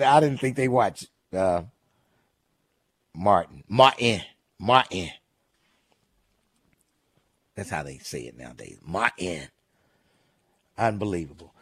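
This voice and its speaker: A fairly high-voiced man hosts a call-in radio show, chatting loosely and telling neighborhood stories with amused asides. His studio mic sounds dry and close. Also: fairly bright tone, no room sound. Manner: chatty storytelling, amused, repeats phone number. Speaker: radio talk show host. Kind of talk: casual call-in radio talk.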